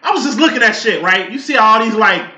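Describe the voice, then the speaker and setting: A man, giving a casual, profane tarot reading that rambles and breaks into loud outbursts. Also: sits high, expressive, a little fast, echoey room, dull audio. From Chicago. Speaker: tarot reader.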